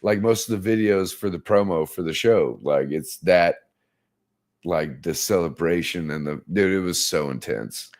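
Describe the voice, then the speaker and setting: Brief: man doing a very deep-voiced podcast co-host, loose and profane, acts out the dialogue. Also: moderate pace, no echo, studio quality. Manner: profane, animated storyteller who acts out quotes. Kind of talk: casual chat.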